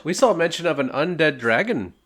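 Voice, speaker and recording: A man's voice: on the high side, lively intonation, fast talker, fairly bright tone, slight background noise. A man co-hosting a casual book podcast, making playful jokes. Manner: playful, joking. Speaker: podcast co-host. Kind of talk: casual book-club chat.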